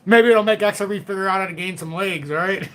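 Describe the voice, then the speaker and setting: High-voiced joking man on a livestream. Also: fairly quick, fairly bright tone, slight background noise. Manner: joking, laughs often, swears. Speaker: livestream host. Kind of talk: casual live chat.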